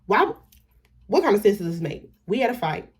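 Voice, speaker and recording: A woman's voice: medium pitch, sing-song, moderate pace, breathy edge. A young woman telling a storytime on her vlog, indignant and emphatic, swearing freely and trailing off into "da, da, da" when she skips details. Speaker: storytime vlogger.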